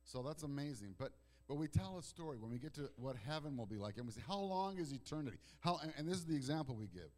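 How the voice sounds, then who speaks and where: A male pastor preaching a sermon in a conversational storytelling way. He drops to soft, hushed lines and then rises to loud, emphatic outbursts. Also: mid-range voice, expressive, quick pace, hardly any pauses. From Italian heritage.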